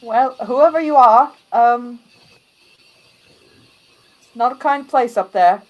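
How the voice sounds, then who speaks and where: Woman doing a gate guard, curt, warning, slow delivery. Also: on the high side, highs cut off, pitched above the performer's own voice. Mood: stern. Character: stern gate guard soldier.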